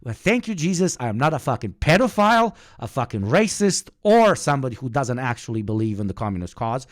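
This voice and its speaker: A man from the Balkans hosting a livestream, shouting profane, hyped thank-yous to his viewers until his voice goes hoarse, then settling into calmer, sincere talk. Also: fairly quick. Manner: calmer, low-key and sincere. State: hoarse from screaming. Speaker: livestream host.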